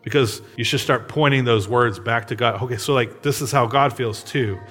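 A man's voice: medium pitch, moderate pace, a bit bright, faint music behind. Conversational man preaching a sermon. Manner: conversational, frequent tag questions. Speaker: pastor.

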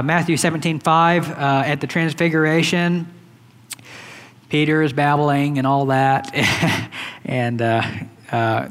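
A man's voice: a little high, fairly bright tone. Man preaching casually in a reverberant hall. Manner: conversational, rambling with fillers and restarts. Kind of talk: sermon.

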